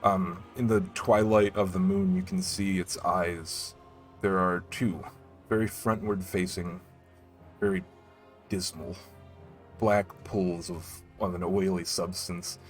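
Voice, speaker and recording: A man running a tabletop game as game master, narrating scenes in an unhurried, descriptive way. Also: sits low, fairly even intonation. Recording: faint background music.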